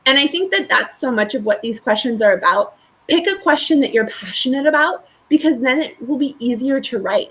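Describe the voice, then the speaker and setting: A woman's voice: fairly high pitch, a bit bright, poor audio. A woman school counselor presenting a webinar, talking in a conversational, reassuring way with frequent fillers and tag questions.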